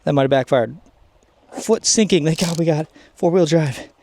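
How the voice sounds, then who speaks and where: A man hosting a fishing vlog outdoors on a muddy shoreline, talking to the camera in an excited, chatty way, hot and a bit winded. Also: fairly high pitch, normal speed, a little hiss or hum. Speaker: fishing channel host. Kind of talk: casual outdoor vlog narration.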